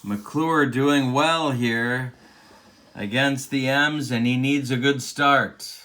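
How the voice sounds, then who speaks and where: A man's voice: medium pitch, slow pace, pushed and bright. A man doing play-by-play commentary of a tabletop baseball game replay, with an announcer cadence and open rooting for his team. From Central Illinois.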